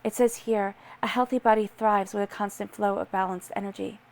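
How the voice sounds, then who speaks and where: A woman's voice: medium pitch, fairly even intonation, brisk, slight background noise. Earnest woman giving a tarot reading. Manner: earnest, reassuring, addresses listener directly. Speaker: tarot reader.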